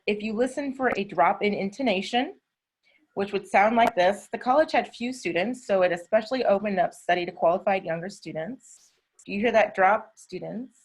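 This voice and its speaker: A woman with a Southern American accent, teaching an English class over a video call and explaining patiently with drawn-out words. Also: medium pitch. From southern United States. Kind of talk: online class instruction.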